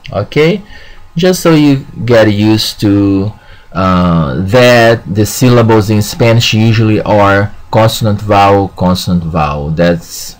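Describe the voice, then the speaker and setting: A man with a fairly low voice teaching a language class. He talks slowly and deliberately and keeps saying "okay". He sounds out each example word with care. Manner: slow, repeats "okay" often, models words slowly. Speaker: Spanish teacher. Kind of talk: classroom lesson.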